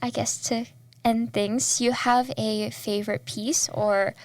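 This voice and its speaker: A woman's voice: fairly high pitch, little pitch movement, slow pace, dry recording. A woman interviewing a guest, attentive and giving many short acknowledgments. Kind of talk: casual interview.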